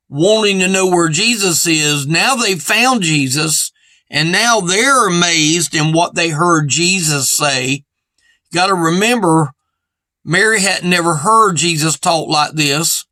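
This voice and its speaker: A man with a high, bright voice preaches a sermon at an unhurried pace. He sounds earnest and repeats his points in plain everyday grammar, and the recording is dry and close. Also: no room sound. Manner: earnest and repetitive, stressing points with "see".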